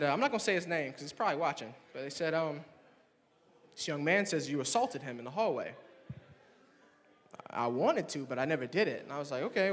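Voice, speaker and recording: A young man from North Carolina performing a stand-up set, telling stories and acting out his friends in higher voices. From Swannanoa, North Carolina. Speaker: stand-up comedian. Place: campus performance hall. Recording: long hall reverb.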